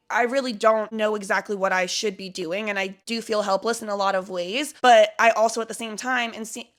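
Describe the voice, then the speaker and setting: A woman's voice: mid-range voice, a bit bright. A woman talking in a casual confessional vlog as a spiritual content creator, rambling and searching for words with lots of "like".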